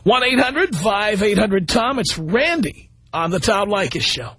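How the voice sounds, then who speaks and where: A man's voice: sits high, lively intonation, measured pace, bright, forceful tone, husky, no room sound. A man hosting a call-in radio talk show, blunt and combative as he rants his opinions.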